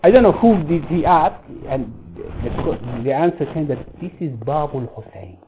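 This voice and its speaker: A man delivers a religious lesson in a storytelling way, his voice set a little higher than most men's. He often stops mid-phrase to restart and rephrase. The sound is thin and phone-like, with a faint hiss underneath. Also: animated. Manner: halting, with frequent restarts and rephrasing. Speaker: religious teacher. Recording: tinny phone-like line with faint noise.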